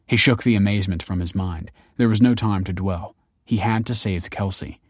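A man reading a story aloud in measured, scripted audiobook narration. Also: fairly low pitch, no echo, clean studio sound.

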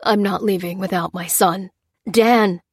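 A woman reader voicing a feverish, delirious older man who calls out in loud, slow, pleading cries. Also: mid-range voice, steady tone, slightly rough, dry recording, studio quality.

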